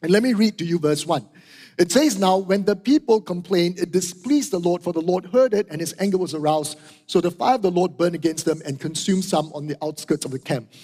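A man's voice: sits high, brisk, warm tone. A middle-aged man, preaching a sermon with emphatic repetition and frequent "right?" and "okay?". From Singapore. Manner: emphatic, repeats key phrases, asks "right?" and "okay?". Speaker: pastor. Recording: hall reverb.

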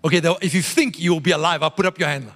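Male pastor, animated sermon delivery, bright tone, reverberant hall. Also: a little high, rapid-fire. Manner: animated, playful preaching with call-and-response asides.

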